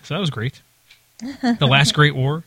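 A man hosts a loose, jokey podcast and reads messages from the chat room aloud as he goes. His voice sits a little high and comes across bright and forward. The sound is dry and close, with no room around it. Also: very animated, unhurried, breathy edge, no echo. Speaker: podcast host. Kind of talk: casual chat.

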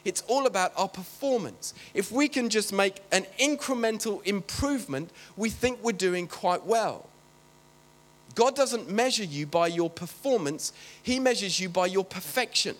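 A man's voice: high-pitched, lively intonation, unhurried. A man preaching a sermon in a chatty, joking way, often breaking off to talk to the congregation. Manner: chatty, joking, self-interrupting.

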